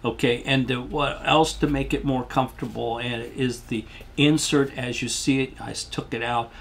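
A man's voice: mid-range voice, fairly even intonation, moderate pace, creaky, a little hiss or hum. An older man giving a rambling, folksy product demonstration as a shoe salesman, losing his voice and coughing now and then.

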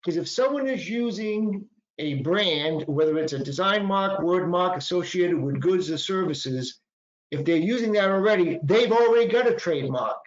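A man's voice: high-pitched, lively intonation, moderate pace. A middle-aged man with a Boston accent, a patent attorney giving a presentation in a conversational way, with fillers and self-corrections. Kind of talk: webinar presentation. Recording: echoey, dull lo-fi sound.

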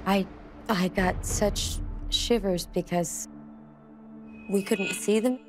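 A woman in a documentary interview, earnestly recounting a ghostly experience in a hushed, suspenseful way. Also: mid-range voice, fairly even intonation, slow pace, music in the background. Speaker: celebrity guest telling a ghost story.

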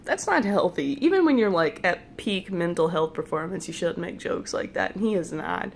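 A woman's voice: fairly low pitch, expressive, normal speed, slight background noise. Young woman rambling through a dream story. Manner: rambling, playful, quotes people in put-on voices; eating jelly beans while talking. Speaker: vlogger. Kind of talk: casual storytelling about a dream.

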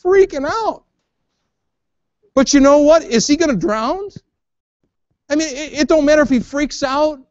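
High-pitched preacher guy, folksy church sermon, dry muffled lo-fi recording. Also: moderate pace, no room sound. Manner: folksy, repeats words, colloquial "ain't". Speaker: pastor. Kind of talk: evangelical sermon. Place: church sanctuary.

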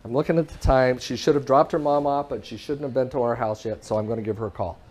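A man giving a talk, telling a story in a lively way and acting out both sides of a phone call, often laughing and pausing for the audience. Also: medium pitch. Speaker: public speaker.

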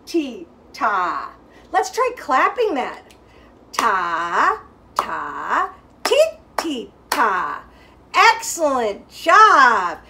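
A woman music teacher leads a lesson for small children, high and bright in tone. She talks at an unhurried pace, spelling things out clearly and cheering the class on. She chants simple rhythm syllables for them to echo back.

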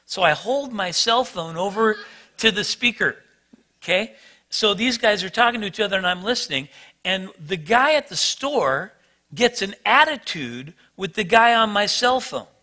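Brief: male pastor, high bright voice, lively self-deprecating storyteller. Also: moderate pace. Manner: animated, self-mocking storyteller. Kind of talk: sermon storytelling.

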